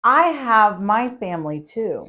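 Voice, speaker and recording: A woman's voice: medium pitch, slow. A young adult woman on a podcast, a teacher telling classroom stories in casual chat, laughing often and acting out the kids. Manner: animated storytelling, acts out kids' voices, laughs often.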